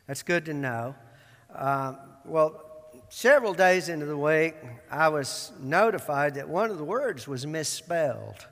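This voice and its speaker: A man's voice: on the high side, expressive, a little slow, a bit bright. A man from Georgia, preaching in a folksy, self-deprecating way. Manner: folksy and self-deprecating, acts out film lines. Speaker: pastor. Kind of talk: sermon. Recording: long hall reverb.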